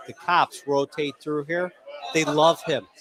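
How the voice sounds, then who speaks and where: A man's voice: on the high side, steady tone, measured pace, a crowd in the background. A man hosting a live cigar show, talking with enthusiasm and heaping on praise. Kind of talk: casual chat.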